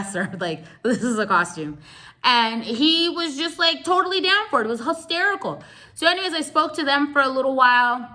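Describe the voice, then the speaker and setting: An animated woman spins a casual storytime for her viewers, her voice bright and forward. She talks in easy slang and laughs her way through it. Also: a little high. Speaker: vlogger telling a story.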